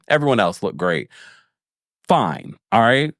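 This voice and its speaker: A man's voice: mid-range voice, takes it slowly, dry recording, studio quality. A man hosting a podcast, recapping reality TV in a casual, playful and frank way, with the tone of a big brother to his listeners. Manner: animated and playful, with frequent laughs and asides. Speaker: podcast host.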